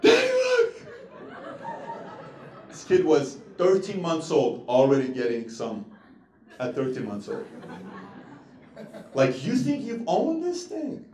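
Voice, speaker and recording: Lively joking guy, voice bouncing around, kinda high, echoey room far from mic. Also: a little slow, pauses often, a little hiss or hum. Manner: animated, joking, puts on voices. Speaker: entrepreneur host. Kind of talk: casual talk to a small group.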